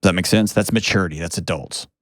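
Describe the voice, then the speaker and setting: Blunt, low-voiced man. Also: quick pace, fairly bright tone, no echo, studio quality. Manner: direct, blunt and plainspoken, repeating key phrases. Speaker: host. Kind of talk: advice show, talking with a caller.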